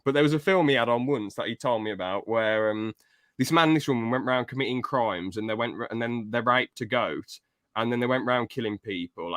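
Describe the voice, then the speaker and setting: A man's voice: lowish voice, a bit bright, no echo, studio quality. A man chatting on a podcast, rambling and opinionated, swearing casually about films he dislikes. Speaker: podcast co-host.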